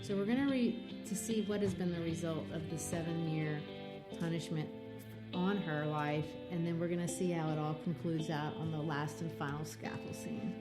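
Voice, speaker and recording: Woman podcast host, lower voice, animated, chatty literary breakdown. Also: moderate pace, loud music behind the voice. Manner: animated retelling with many fillers.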